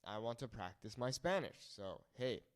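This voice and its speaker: A young man teaching Spanish phrases in a casual video lesson, saying each phrase slowly and then repeating it. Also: mid-range voice, big pitch swings.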